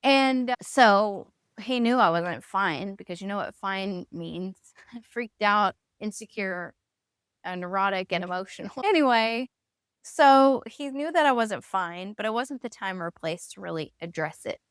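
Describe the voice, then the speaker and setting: A woman's voice: medium pitch, lively intonation, a little slow, clean tone, no room sound, studio quality. A woman in her thirties hosting a faith podcast, telling a personal story candidly and acting out the voices she quotes. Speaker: podcast host.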